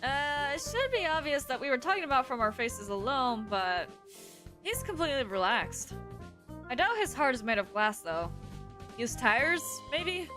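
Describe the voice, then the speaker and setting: A woman's voice: high-pitched, very animated, normal speed, over music. A woman streaming a visual novel, reading the protagonist and chatting casually between lines. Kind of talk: live visual novel playthrough.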